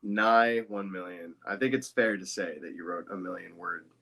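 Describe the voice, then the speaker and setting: Deep-voiced man with deadpan humor. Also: brisk, vocal fry, breathy edge. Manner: dry, deadpan teasing. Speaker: guest voice actor. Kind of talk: casual podcast chat.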